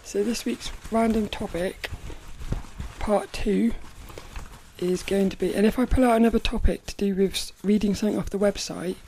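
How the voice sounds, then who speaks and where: A woman hosts her own podcast, chatting casually on her own in a warm, medium-pitched voice with fairly even intonation at a normal pace. She rambles, stops, and restarts her sentences, correcting herself as she goes, and there's a slight hiss or hum in the audio.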